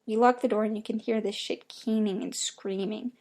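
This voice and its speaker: A woman's voice: mid-range voice, fairly even intonation, moderate pace, darkish tone. A young woman narrating a creepypasta horror story in a casual, profanity-laden storytelling manner. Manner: casual storytelling with heavy swearing. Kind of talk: creepypasta reading.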